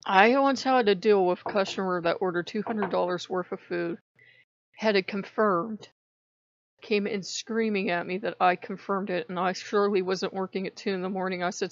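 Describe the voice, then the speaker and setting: A woman's voice: mid-range voice, steady tone, normal speed, no room sound. A woman ranting in a casual vlog, swearing a lot and sounding fed up. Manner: profane, exasperated venting. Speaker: vlogger. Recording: dull lo-fi sound.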